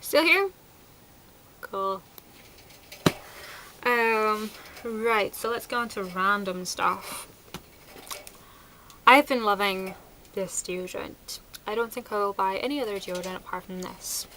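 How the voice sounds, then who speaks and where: A woman's voice: medium pitch, steady tone, takes it slowly, long pauses, sharp tone, slight background noise, low-quality recording. A woman chatting casually through a product review, enthusiastic and sprinkled with fillers. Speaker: beauty vlogger.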